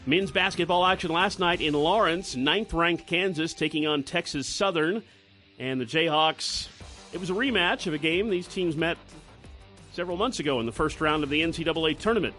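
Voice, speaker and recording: A man's voice: on the high side, bright, forceful tone, soft background music. A man co-hosting morning radio, trading dry quips and then reading a sports report. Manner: dry, matter-of-fact quips; reads sports news briskly. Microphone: studio microphone.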